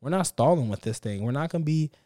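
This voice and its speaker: A young man hosts his podcast by himself, his slightly high, mellow voice animated and quick. Speaking close to the mic with no room sound, he talks from the heart with no script, keeping things upbeat, motivational and repetitive in a casual monologue.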